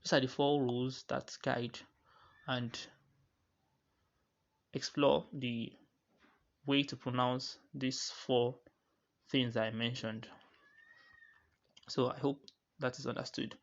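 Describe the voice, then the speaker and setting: A man's voice: mid-range voice, a bit bright. Patient man teaching in a dull recording. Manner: patient, repeats and rephrases, chants verses quickly. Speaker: Quran recitation teacher. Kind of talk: explaining a poem line by line.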